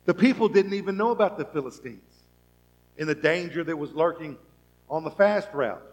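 A man preaching a sermon as pastor, asking the congregation rhetorical questions and acting out people's thoughts, swinging from soft to loud. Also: a little high, animated, moderate pace, poor audio.

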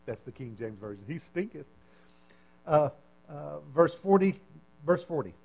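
Animated man preaching a sermon. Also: on the high side, normal speed, gravelly. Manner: animated, repetitive, acts out voices; conversational, checks in with listeners. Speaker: pastor.

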